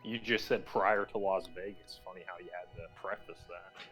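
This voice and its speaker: A deep-voiced man argues in an online debate. He sounds quiet, stubborn and dismissive. Music plays clearly behind him. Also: steady tone, normal speed, highs cut off. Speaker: debate participant.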